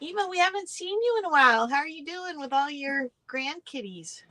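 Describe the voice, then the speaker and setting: A woman's voice: high-pitched, expressive, brisk, bright, forceful tone. A woman co-hosting a live stream, giggly and greeting viewers by name. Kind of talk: casual chat.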